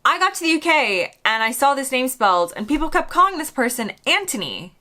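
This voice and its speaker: A bright-toned American woman in her thirties talks to camera in a casual vlog, her pitch jumping around a lot. She is chatty and quick to poke fun at herself. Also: very animated. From United States. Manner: chatty, self-deprecating, often laughing at herself. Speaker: vlogger.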